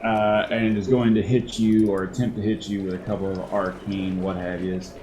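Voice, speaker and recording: A man running a tabletop game as dungeon master, unhurried and chuckling as he thinks aloud between dice rolls. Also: on the low side, flat delivery, noisy background.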